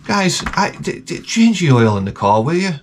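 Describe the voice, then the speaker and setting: Loud swearing guy ranting about his night out, voice swinging all over, faint hiss. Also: a little high, normal speed. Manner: animated, swearing, stammering restarts. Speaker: vlogger host. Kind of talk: profane comedic storytelling rant.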